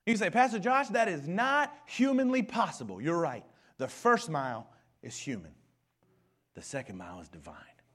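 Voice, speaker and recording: A high-voiced male pastor preaching with fervor, his pitch leaping up and down all the time. He goes from hushed, almost whispered lines to full shouts. He sounds middle-aged. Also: lively intonation, normal speed, husky. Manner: impassioned, swinging from hushed near-whispers to shouting. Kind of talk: sermon.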